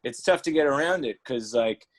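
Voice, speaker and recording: A man co-hosting a casual comedy podcast, rambling and halting as he cracks deadpan jokes. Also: mid-range voice. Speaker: podcast co-host.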